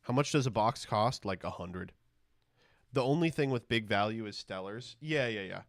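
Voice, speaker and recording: A man's voice: on the low side, lively intonation, moderate pace, no echo. A man live-streaming as he opens trading cards, rambling and joking crudely with his chat.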